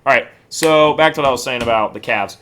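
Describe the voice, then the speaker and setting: A man's voice: mid-range voice, quick pace, background noise. A man co-hosting a sports podcast in casual chat, rambling and jokey, often poking fun at himself. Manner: rambling, jokey, self-deprecating. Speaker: podcast co-host.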